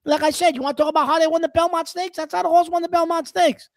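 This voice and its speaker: A man co-hosting a casual sports talk show, rambling and self-deprecating, coughing and clearing his throat now and then. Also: extremely high pitch, little pitch movement, fast talker, no room sound, studio quality.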